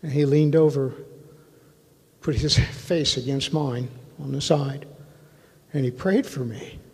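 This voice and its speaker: A man's voice: mid-range voice, slightly rough, in a large hall. A man giving an earnest, emotional personal testimony to a congregation in a church. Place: church sanctuary.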